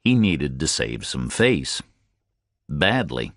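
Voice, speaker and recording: A man's voice: extremely low pitch, big pitch swings, slow, fairly bright tone, no room sound, clean studio sound. A man narrating a first-person audiobook in terse, clipped sentences.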